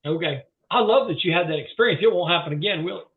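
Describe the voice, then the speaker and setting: A man training salespeople, talking in a folksy, animated way and acting out both sides of a phone call as he coaches. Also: sits high, fast. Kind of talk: coaching with role-play demonstration. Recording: tinny phone-like video call audio.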